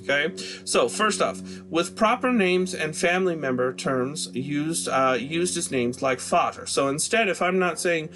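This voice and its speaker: A man teaching a recorded German grammar lesson. He explains patiently, often checks in with "okay?", and says the German example words slowly. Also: fairly high pitch, lively intonation, a bit bright, faint music behind.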